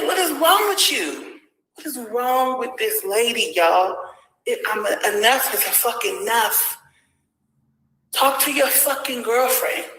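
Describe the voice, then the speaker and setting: A woman's voice: fairly high pitch, a bit bright, reverberant, rough recording. A mother furiously ranting and cursing about people calling her kids. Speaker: mother in a played clip.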